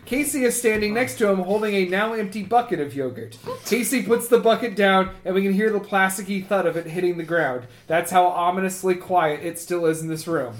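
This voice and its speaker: High-voiced man reading a screenplay. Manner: halting, with frequent uh fillers. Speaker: comedy podcast co-host. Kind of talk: reading a comedy screenplay aloud. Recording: echoey room.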